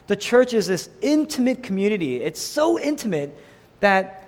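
A middle-aged male pastor preaching a sermon, emphatic, repeating his phrases and swinging between loud declarations and hushed lines. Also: high-pitched, very animated, normal speed, big-room sound. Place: church sanctuary.

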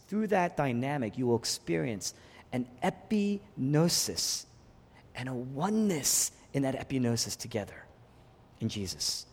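A man preaching a sermon, surging from hushed, quiet phrases to soaring emphatic peaks. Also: high-pitched. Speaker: pastor. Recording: long hall reverb.

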